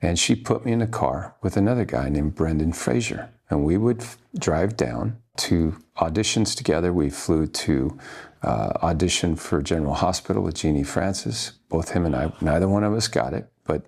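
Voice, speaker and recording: In a reflective interview, an actor in his fifties from Washington State, USA, talks through his memories. His deep, breathy voice is low, grainy, and husky, with a darkish tone, yet expressive. He's earnest and halting, stopping often to gather his thoughts.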